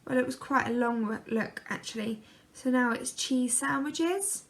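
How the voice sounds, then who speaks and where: Lady doing a keen little girl, high squeaky and bright. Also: a little slow, gravelly. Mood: eager. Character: an eager, breathless young girl.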